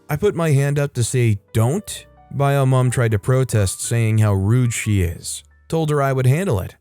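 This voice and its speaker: Male narrator at a mid pitch, reads online stories expressively over faint background music. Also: warm tone. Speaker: narrator reading online posts. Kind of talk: scripted story narration.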